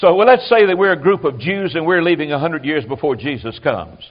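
Male preacher mid-sermon, animated with quiet asides, slightly high voice, muffled old recording. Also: fairly quick.

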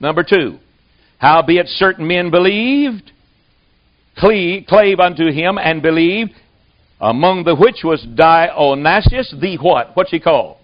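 A man with a fairly high voice preaching a sermon, telling stories in a plain folksy way. The recording is dull and lo-fi, with muffled highs. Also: animated, slow. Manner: folksy storytelling.

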